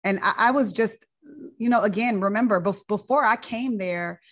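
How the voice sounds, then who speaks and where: A woman's voice: mid-range voice, moderate pace, fairly bright tone. A woman, a physician, telling a personal story in a conversational way, often repeating words and using fillers.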